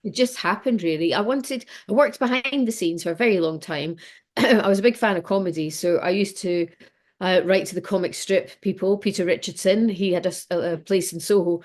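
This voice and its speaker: A woman's voice: mid-range voice, brisk, a little mellow. A middle-aged Scottish woman, a podcast guest, telling stories in a chatty, self-mocking way and laughing often. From Scotland. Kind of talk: casual podcast interview.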